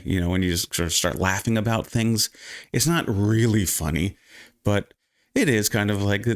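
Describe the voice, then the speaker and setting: Animated man telling a story. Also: sits low. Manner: animated, acts out quoted people in raised voice; frequent restarts and fillers. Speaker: vlogger. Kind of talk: casual storytelling.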